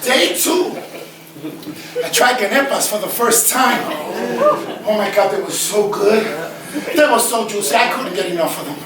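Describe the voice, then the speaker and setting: High-voiced Bronx man on stage. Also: moderate pace, long pauses, a loud crowd. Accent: New York (Bronx). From the Bronx, New York. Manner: animated, profane storytelling. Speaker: stage performer. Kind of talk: comic one-man stage monologue. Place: theater stage before an audience. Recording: echoey theater, distant mic, audience noise.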